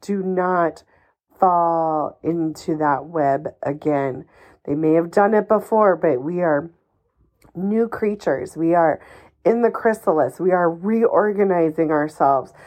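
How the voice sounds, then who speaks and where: A woman's voice: lowish voice, takes it slowly, darkish tone. A woman hosting a solo advice podcast, talking in an emphatic, encouraging and somewhat ranty way, swearing casually. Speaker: podcast host.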